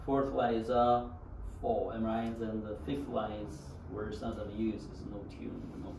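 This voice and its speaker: A man's voice: mid-range voice, flat delivery, moderate pace, warm tone, dull audio. A man teaching a beginner language class, talking loosely with many "okay"s and having students repeat after him. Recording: echoey classroom, distant mic, faint hiss.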